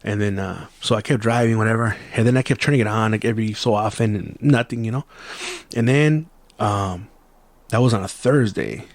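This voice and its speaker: A man's voice: lowish voice, brisk, no room sound. A young man hosting a podcast who tells a story in loose, profane casual chat and drops Spanish phrases into his English. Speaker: podcast host.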